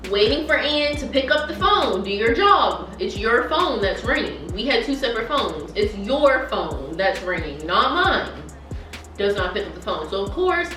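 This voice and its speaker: A young woman tells a story with lively, slangy emphasis, her voice a touch high. She sounds a bit distant from the mic in an echoey room, with faint music behind her. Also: moderate pace. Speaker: vlogger. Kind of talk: storytime vlog while eating.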